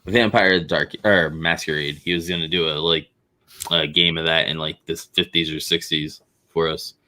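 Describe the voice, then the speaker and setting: A man's voice: a bass voice, fairly even intonation, moderate pace, bright, forceful tone. A man co-hosting a gaming talk stream in casual chat, laid-back and explaining his plans with plenty of fillers. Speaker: co-host and game organizer.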